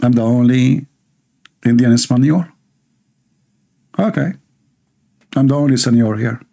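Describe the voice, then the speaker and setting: A man's voice: mid-range voice, unhurried, gravelly, mellow. A man hosting a livestream, reading viewer comments aloud and mocking them with sarcastic asides and laughter.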